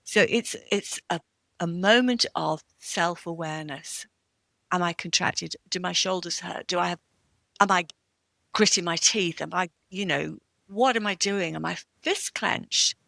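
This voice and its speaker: Low gravelly woman, gentle questions. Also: unhurried, no room sound. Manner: gentle, uses rhetorical questions. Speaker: podcast guest, author. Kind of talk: reflective conversational coaching.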